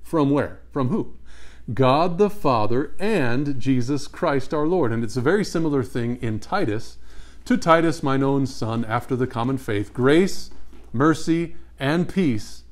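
A man teaching a Bible study in an emphatic, questioning way. His voice sits at a middle pitch. He reads passages aloud, then stops to put questions to his listeners. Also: lively intonation, a little slow. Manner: emphatic, asks the audience questions and repeats answers.

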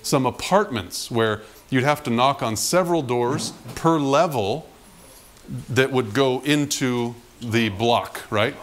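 A man's voice: medium pitch, slow pace, slight background noise. A man preaching a sermon, telling a personal story from his past and acting out the people in it. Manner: animated storyteller, acts out quotes. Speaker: pastor.

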